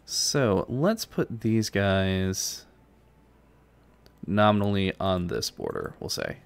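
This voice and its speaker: A man's voice: lowish voice, lively intonation, slow pace, creaky, clear, resonant tone. A man from New York, chatting casually with viewers as he live-streams a strategy game and answers their messages. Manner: chatty, answers chat between moves.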